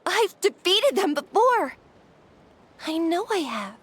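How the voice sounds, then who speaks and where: A woman voicing a gentle young woman warrior haunted by fear, in earnest, soft-spoken game dialogue. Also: extremely high pitch, big pitch swings, takes it slowly, a little hiss or hum, exaggerated voice. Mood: panicked. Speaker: game character. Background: faint game music.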